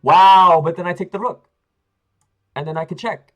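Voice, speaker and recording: Fairly quick and high-voiced, a man comments on his own chess games for live viewers, alternating hype with frustrated mutters. The recording is rough.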